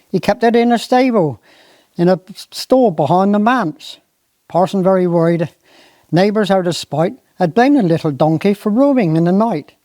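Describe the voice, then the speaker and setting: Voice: mid-range voice, warm tone, dry recording. A performer with a Cornish accent reciting comic dialect verse in a rhythmic, sing-song way.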